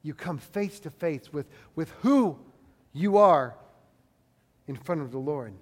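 A man's voice: a little high, animated, slow, a little mellow. Guy pastor preaching, punchy and chatty, lots of questions to the crowd, big echoey church sound. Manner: emphatic, conversational preaching with rhetorical questions. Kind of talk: sermon. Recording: long reverb of a large hall.

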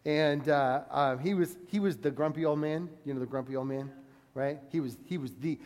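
A man in his forties delivers a sermon full of stories, animatedly acting out the voices of the people in them. His voice is medium-pitched and his speed normal, with the long reverb of a hall around him.

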